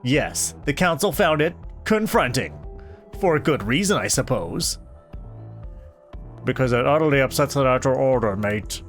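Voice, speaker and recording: A man voicing a gruff, stern male scholar from a video game, dropping his voice low and sounding clipped and dismissive. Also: animated, normal speed, faint music behind, close to an everyday voice. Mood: grave.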